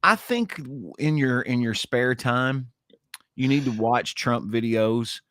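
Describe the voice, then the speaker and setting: A man co-hosting a podcast, bantering in an animated way. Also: mid-range voice, slow pace, dry recording, clean studio sound. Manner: animated, swinging into mock voices. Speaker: podcast co-host. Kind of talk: casual banter.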